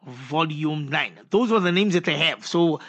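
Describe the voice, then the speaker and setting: A man's voice: on the high side, lively intonation, moderate pace, a bit bright. A man hosting a religious radio call-in show, reading out listener messages with pious, affectionate blessings.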